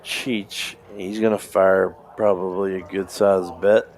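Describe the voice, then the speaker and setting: A man calling poker hands live in a relaxed, conversational play-by-play. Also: low-pitched, slow. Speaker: poker stream commentator.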